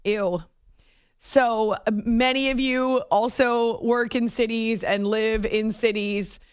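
A middle-aged woman hosting a late-night sports radio show, chatty and animated, in a studio. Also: on the high side, takes it slowly, clear, resonant tone, no room sound. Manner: chatty, animated storytelling with laughs and restarts. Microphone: studio microphone.

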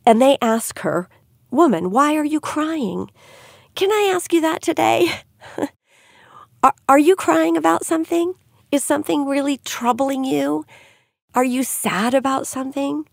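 A middle-aged woman giving an earnest devotional Bible teaching, gently putting questions to her listeners. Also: high-pitched, unhurried, creaky, dry recording, clean studio sound.

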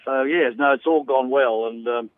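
A man's voice: mid-range voice, moderate pace, no room sound. A man with an Australian accent, an organiser of a charity ride, talking earnestly and ramblingly with many fillers. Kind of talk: phone interview. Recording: tinny phone line, dry.

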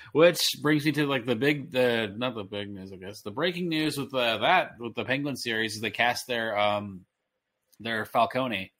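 Man, thirties, bright tone, casual podcast chat, rambling, excitable. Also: medium pitch, measured pace. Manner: rambling, excitable, frequent restarts. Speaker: podcast co-host.

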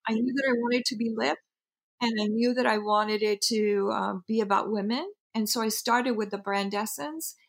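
A woman from Peru, middle-aged, telling the story of the brand she founded in a reflective, halting way, with many restarts and fillers. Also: on the high side, gravelly.

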